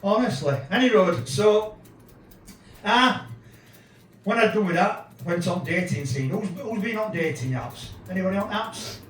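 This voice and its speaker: A man in his fifties with a Yorkshire accent, doing a sweary, deadpan stand-up set in a small pub room. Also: high voice, measured pace, roomy sound, far from the mic, a little hiss or hum, poor audio. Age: 50s. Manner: crude, swearing, deadpan storytelling. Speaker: stand-up comedian. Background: audience laughter.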